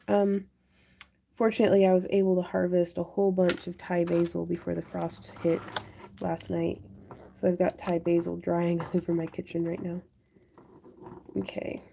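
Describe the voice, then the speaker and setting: Woman, young adult, craft stream host, chatty, mellow, a bit of vocal fry. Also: on the low side, a little hiss or hum. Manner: chatty, thinks aloud and answers viewer chat. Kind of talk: casual livestream chat while beading.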